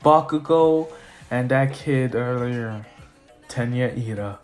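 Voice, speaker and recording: A man's voice: mid-range voice, takes it slowly, soft background music. A young man casually retelling an anime story as a fan, rambling, correcting himself and laughing at his own slips.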